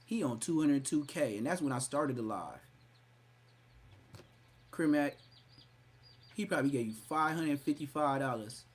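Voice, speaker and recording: A man's voice: mid-range voice, a little fast, hardly any pauses, breathy edge. A man hosting a live podcast stream, mocking and roasting someone in a profane, rowdy way. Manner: mocking, profane, loud outbursts. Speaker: podcast host.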